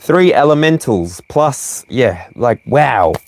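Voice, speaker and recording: A man's voice: mid-range voice, lively intonation, darkish tone, a little hiss or hum. A man giving a playful livestream tarot reading, breaking into song and laughter. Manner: playful, sings and laughs between slow readings. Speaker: tarot reader.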